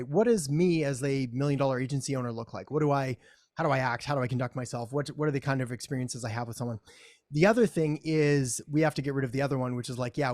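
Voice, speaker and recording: Male workshop host, slightly higher voice, dry close mic, reflective and hesitant delivery. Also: dry recording. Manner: thoughtful, hesitant, with restarts. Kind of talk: casual webinar discussion.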